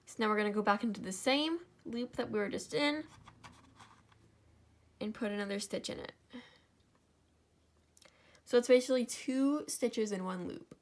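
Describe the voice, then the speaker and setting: A woman's voice: on the high side, moderate pace, long pauses. A young woman hosting a craft tutorial, talking casually step by step, sleepy and yawning, often correcting herself and apologizing. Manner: chatty, self-correcting, apologetic.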